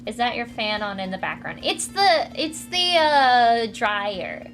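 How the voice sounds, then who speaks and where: Woman streamer, kinda high voice, giggly and chatty, faint music going behind her. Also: sing-song, takes it slowly. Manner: giggly, chatty, thanks donors. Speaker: streamer reading comics aloud. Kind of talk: casual livestream chat. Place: home room. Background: faint music, dryer running.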